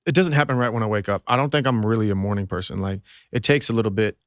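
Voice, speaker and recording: A rapper from Minnesota, talking as a podcast guest in a laid-back, loose, profane way. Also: male voice, fairly low pitch, fast, no room sound, clean studio sound. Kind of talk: casual chat.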